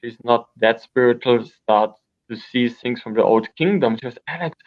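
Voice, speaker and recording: Gravelly man telling wild stories. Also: medium pitch, brisk. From Austria. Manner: rambling, animated storyteller with frequent restarts. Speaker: guest. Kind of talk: storytelling in an interview. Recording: dull lo-fi sound.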